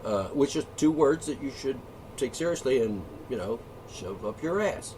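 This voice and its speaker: A man's voice: medium pitch, animated, moderate pace, mellow. A man hosting his own monologue channel, ranting in a profane, combative and mocking way. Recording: distant mic, faint background noise.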